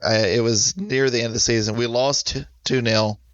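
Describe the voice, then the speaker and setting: A man's voice: medium pitch, fairly even intonation, moderate pace, fairly bright tone, dry recording. Man with a drawl, lo-fi sound. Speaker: podcast co-host. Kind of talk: casual chat.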